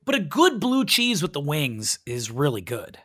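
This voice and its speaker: Male podcast host, lively swooping pitch, teasing and mock-outraged. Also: normal speed. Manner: playfully exasperated, teasing. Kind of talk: casual chat.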